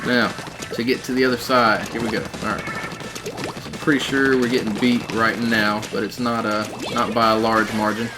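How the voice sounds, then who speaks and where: A man streaming live gameplay, excitedly calling out plays and reading chat messages aloud. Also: lowish voice, normal speed, over music. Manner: excitable, shouting out game callouts. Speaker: gaming streamer.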